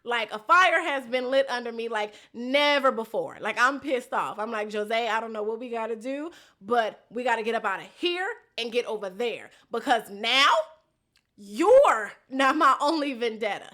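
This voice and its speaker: A woman's voice: fairly high pitch, animated, normal speed, pushed and bright. A young woman recapping a reality show episode in a casual vlog, talking bluntly with lots of slang and swearing.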